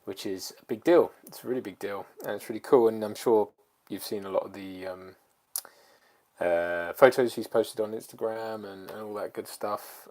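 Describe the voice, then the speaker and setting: A man chats casually on a livestream, his voice sitting a little low. He rambles loosely with plenty of fillers. He sounds a bit lethargic as he catches his viewers up. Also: gravelly. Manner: relaxed, rambling, many fillers. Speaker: channel co-host.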